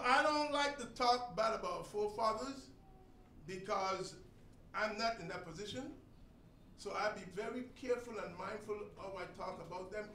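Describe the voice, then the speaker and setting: A man delivers a sermon with a high, bright voice, pressing points hard and then dropping low. He sounds far from the mic in a roomy, echoing space. Faint background noise hangs under him. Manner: emphatic, swings between loud and soft. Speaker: congregation teacher. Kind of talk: sermon teaching. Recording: echoey room, distant mic, faint noise.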